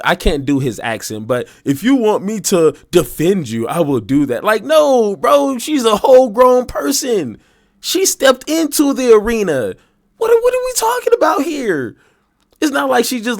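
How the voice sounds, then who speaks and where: A man hosting political reaction commentary, mocking and slangy, often saying "bro". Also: sits high.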